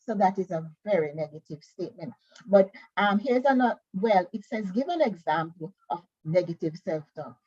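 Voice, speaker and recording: Bible study teacher, woman, husky and unhurried, muffled lo-fi stream audio. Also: mid-range voice, animated, a little mellow, dry recording. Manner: slow, careful reading of scripture and worksheet questions.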